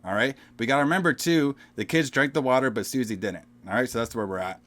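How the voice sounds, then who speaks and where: A man's voice: mid-range voice, quick pace, fairly bright tone. Profane, rambling podcast co-host man. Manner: profane, says "bro" and "all right?" a lot. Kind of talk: casual horror movie podcast chat.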